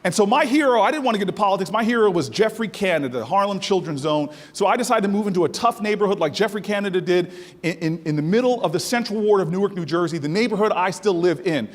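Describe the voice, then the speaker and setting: A man's voice: sits high, lively intonation, quick pace. A man giving a stirring, preacher-like speech to a conference, building to soaring emphasis. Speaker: keynote speaker. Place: large conference hall. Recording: long reverb of a large hall.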